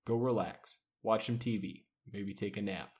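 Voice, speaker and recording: A man voicing a calm, supportive young male team leader who speaks gently and reassuringly. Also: lowish voice, a little slow, close to an everyday voice. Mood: gentle.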